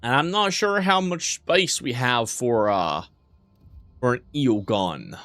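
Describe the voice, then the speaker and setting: Man, game streamer, casual rambling commentary, self-mocking, swears a lot, mid pitch, dry sound. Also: animated, slow, fairly bright tone, no room sound.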